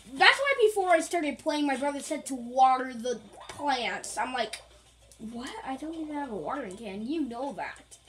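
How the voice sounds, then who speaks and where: High-voiced woman rambling over gameplay. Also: pushed and bright, rough recording. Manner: rambling, playful, jokey asides. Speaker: gaming channel host. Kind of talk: casual gameplay commentary.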